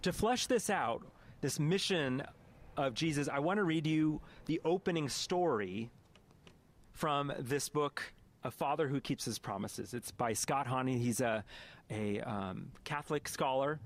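A man's voice: mid-range voice, measured pace. A man preaching a sermon as a pastor, reading a story aloud and reflecting on it earnestly, now and then correcting himself mid-phrase. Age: adult parent.

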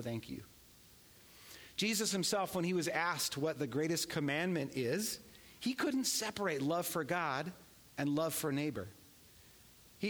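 Male pastor, slightly higher register, earnest emphatic sermon delivery. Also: long reverb tail. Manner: earnest, emphatic preaching, swings between hushed and raised.

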